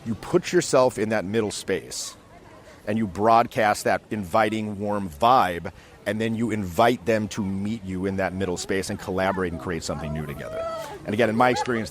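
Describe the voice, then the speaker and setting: A man teaching social skills in a casual, animated way, acting out quick scenes as he explains. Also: on the low side, a little hiss or hum. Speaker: dating coach. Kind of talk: casual instructional talk. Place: outdoors in a city.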